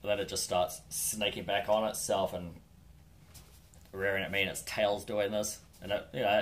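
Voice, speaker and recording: New Zealand man, deep voice, laid-back wry storyteller, faint hiss in the background. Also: fairly even intonation, moderate pace, long pauses. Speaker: hiker vlogger. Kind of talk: casual storytelling.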